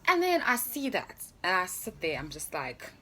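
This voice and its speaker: A woman's voice: lowish voice, huge pitch swings, moderate pace, fairly bright tone. A young adult woman telling a story in a casual vlog, chatty and laughing often, with plenty of fillers. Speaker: vlogger.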